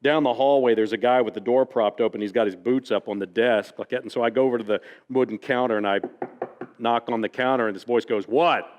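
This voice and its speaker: A man's voice: medium pitch, fairly even intonation, fast, a little mellow, a little hiss or hum. A man from the United States telling folksy stories to an audience, with frequent "like that" asides. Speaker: author speaking to an audience. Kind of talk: storytelling talk. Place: library event hall. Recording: long reverb from a hall.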